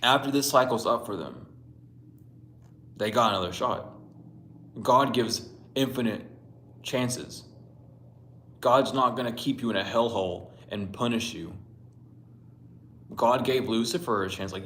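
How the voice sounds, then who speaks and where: A man's voice: medium pitch, unhurried, long pauses, a bit bright, slight background noise. A man giving a casual spiritual tarot reading, talking bluntly, swearing often and rambling. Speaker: tarot reader. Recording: roomy echo.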